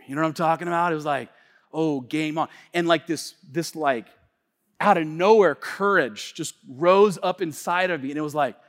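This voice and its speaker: A male pastor preaching a sermon in a casual, slangy storytelling manner that swings between hushed asides and loud outbursts. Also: a little high, normal speed. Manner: casual slangy talk, many fillers and restarts. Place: church sanctuary. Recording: long reverb of a large church hall.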